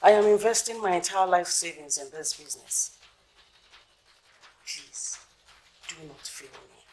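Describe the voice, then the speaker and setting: A woman's voice: on the low side, animated, a little slow, a little mellow. A Nigerian actress playing a desperate married woman demanding back her life savings, pleading and insistent. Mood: worried pleading. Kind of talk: film drama acting. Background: film score music.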